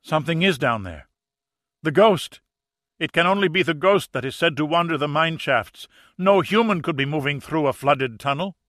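A miner yelling in horror about a ghost, as a male narrator acts him. The voice climbs loud and high with a bright, hard edge. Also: lively intonation, normal speed, no echo, clean studio sound. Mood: horrified. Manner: loud, horrified shouting.

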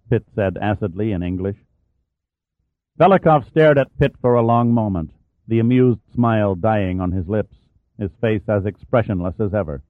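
A man reading an audiobook in a steady, measured way. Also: fairly low pitch, dry recording. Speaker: audiobook narrator. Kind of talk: scripted narration. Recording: dry, phone-like narrow sound.

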